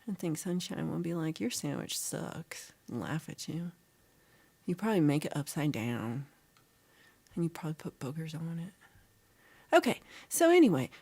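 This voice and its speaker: A woman's voice: sits low, vocal fry, a little mellow. A middle-aged woman, hosting a casual livestream chat and teasing viewers as she reads their comments aloud. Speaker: livestream host.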